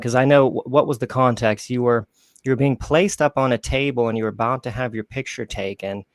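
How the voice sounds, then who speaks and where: A man hosts a podcast, posing long, winding questions that restart and loop back on themselves. His voice sits in a middle pitch, recorded dry and close with no room sound. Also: fairly even intonation, fairly quick, no room sound. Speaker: podcast host. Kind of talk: podcast interview.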